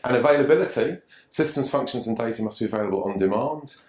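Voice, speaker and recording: A man's voice: medium pitch, fast, darkish tone. A man gives a seminar talk on online safety to a live audience, casual and conversational, with frequent restarts. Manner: conversational, repeats words and restarts often. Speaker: presenter from an online safety group. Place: meeting room with live audience. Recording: echoey room.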